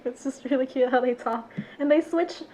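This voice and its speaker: A young woman with a fairly high voice chats as a podcast guest, giggling often and acting out the people she quotes. Her talk is lively and casual. A faint hiss sits under the recording. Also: moderate pace, poor audio. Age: 20s. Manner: giggly, animated storytelling with acted-out quotes. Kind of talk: casual chat.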